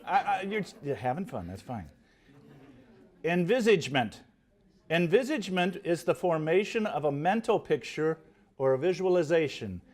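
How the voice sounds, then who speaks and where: A man's voice: fairly high pitch, normal speed. A man reading out words and spelling them for a live spelling contest, joking with the contestants. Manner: animated, playful, joking with contestants. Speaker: spelling bee word caller.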